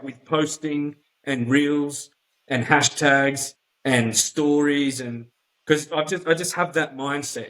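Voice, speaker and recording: A man's voice: medium pitch, fairly bright tone, rough recording. Blunt, sweary Australian man. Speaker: podcast guest, offroad YouTuber. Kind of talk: casual chat.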